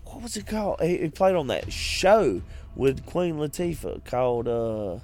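A man's voice: fairly high pitch, sing-song, a little slow, a little mellow, soft background music. A man co-hosting a podcast, chatting casually about movies, giggly and profane, drifting into tangents. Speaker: podcast co-host.

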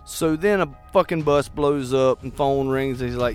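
A man's voice: mid-range voice, unhurried, hardly any pauses, soft background music. Profane man retelling a movie plot. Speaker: podcast co-host. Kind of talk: casual movie chat.

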